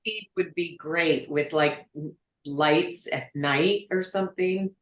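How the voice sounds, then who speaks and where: A woman's voice: low voice, takes it slowly, roomy sound. A woman in a painting class, chatting casually and friendly. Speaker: painting student. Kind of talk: casual chat.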